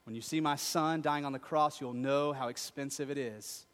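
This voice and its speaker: A man's voice: mid-range voice, moderate pace. Man preaching a sermon in a reverberant hall. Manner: conversational, swings from quiet to rising emphatic peaks. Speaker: pastor.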